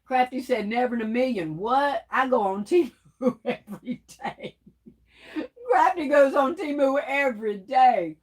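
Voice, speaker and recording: A woman's voice: high-pitched, unhurried. A woman hosting a casual livestream, chatty and laughing often as she reads viewer comments aloud. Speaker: livestream host reading chat.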